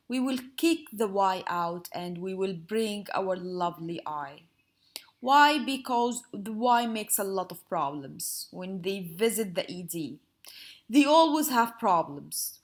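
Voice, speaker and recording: A woman teacher giving a slow, patient grammar lesson to young pupils in a sing-song explaining manner. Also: mid-range voice, animated.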